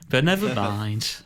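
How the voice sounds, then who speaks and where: A man's voice: on the high side, slightly rough. A man hosting a casual podcast chat with friends, laughing often and swearing casually. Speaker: podcast host and editor.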